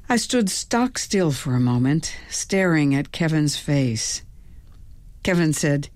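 A woman with a low voice reads a novel aloud at an unhurried pace. Her narration is calm and measured as she hosts a radio reading, and the sound is close and dry. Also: no room sound. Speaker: radio host and reader.

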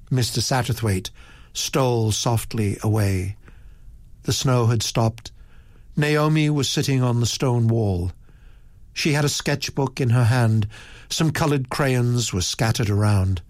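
Slow, husky male narrator. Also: medium pitch, no echo. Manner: slow, expressive storytelling. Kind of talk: audiobook narration.

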